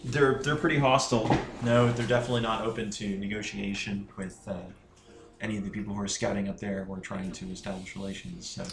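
Flat-voiced man at a tabletop game. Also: on the low side, fast talker, gravelly, echoey room, noisy background. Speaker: player.

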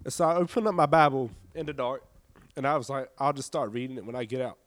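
A young man with a drawl tells his faith testimony in an earnest, heartfelt way. He sounds a little worn out and subdued, at a middle pitch. The recording is dry and close, with no room echo. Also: fast talker. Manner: earnest, emotional storytelling. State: tired, subdued. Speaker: church member giving testimony.

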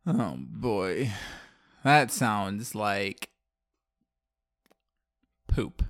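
A man's voice: fairly low pitch, animated, fairly bright tone, dry recording. Wry, skeptical male podcast co-host. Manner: skeptical, quick to laugh, wry interjections. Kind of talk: casual chat.

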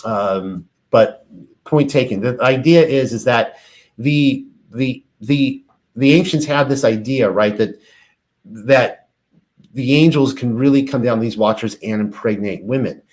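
A man's voice: medium pitch, a little slow, darkish tone. A man teaching on ancient religious texts, reading passages aloud and then explaining them in a casual, filler-laden way. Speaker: bible teacher.

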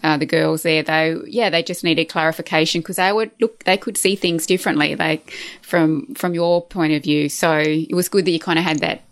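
A woman's voice: sits low, steady tone, moderate pace. A woman hosting a podcast, talking casually and hesitantly, with lots of fillers. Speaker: podcast host. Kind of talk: casual chat.

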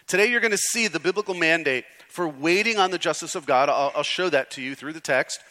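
A man's voice: fairly high pitch, animated, fairly quick, bright, forceful tone. A man preaching a conversational sermon as pastor, with frequent restarts, in a large church hall. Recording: hall reverb.

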